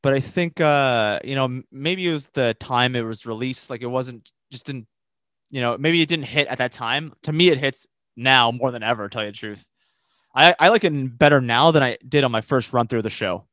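A man's voice: medium pitch, moderate pace, a bit bright, no echo, studio quality. A man co-hosting a casual podcast, easygoing and a bit hesitant, with many fillers and restarts. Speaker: podcast co-host.

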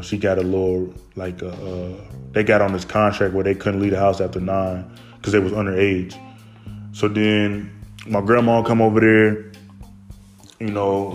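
Young adult male with a lowish voice, loose personal storyteller who rambles and restarts. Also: darkish tone. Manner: rambling, heavy on fillers and restarts. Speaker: storyteller recounting his childhood.

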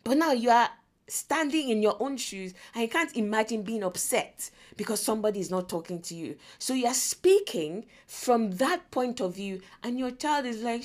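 A woman in her forties with a Nigerian English accent hosts a faith-based parenting podcast. She tells stories in an animated way, acting out the lines of the people in them. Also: fairly high pitch. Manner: animated storyteller who acts out quotes and laughs often. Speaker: podcast host.

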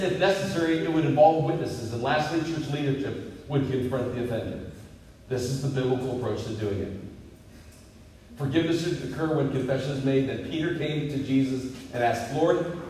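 Preaching man in an echoing hall. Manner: emphatic preaching that builds to loud, high peaks. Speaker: pastor. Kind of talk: sermon. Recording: echoey hall, distant mic, faint hiss.

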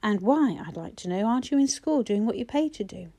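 A woman voicing a hostile, chain-smoking middle-aged mother with a thick, husky voice and a bullying screech. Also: expressive, fairly quick, mellow. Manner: shrill, aggressive screech.

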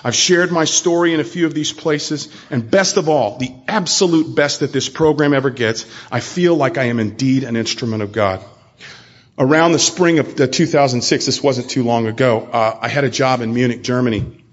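A man's voice: medium pitch, moderate pace, highs cut off. A man at a convention sharing his recovery story, speaking earnestly and directly to his audience. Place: convention hall talk.

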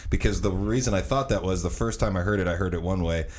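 A man's voice: deep voice, fast, a little mellow, a little hiss or hum. A man hosting his long-running casual podcast, rambling and restarting his sentences in a laid-back way. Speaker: podcast host.

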